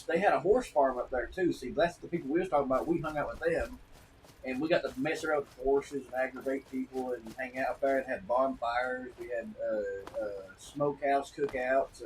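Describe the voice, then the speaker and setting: Rambling male streamer, off-mic. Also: mid-range voice. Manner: rambling, with frequent restarts and repeated words. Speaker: live streamer. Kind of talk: casual live-stream chat. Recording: distant mic with faint noise.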